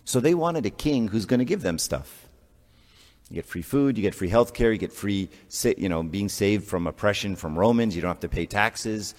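Low-voiced priest giving a chatty sermon, long church echo. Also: male voice, lively intonation, normal speed, darkish tone. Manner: conversational, rhetorical questions, joking asides.

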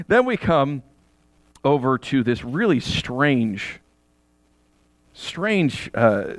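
Middle-aged male pastor, sermon, conversational and animated, slightly high voice, dry close sound. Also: no room sound. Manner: conversational preaching with asides and laughter.

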